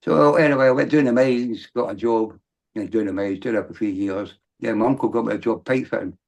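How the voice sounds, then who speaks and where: A middle-aged man with a gravelly, fry-heavy voice. He tells his story as a guest in loose, rambling sentences, restarting often and then rising into emphatic bursts. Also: lowish voice, a little fast, darkish tone. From Britain. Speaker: podcast guest. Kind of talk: candid storytelling.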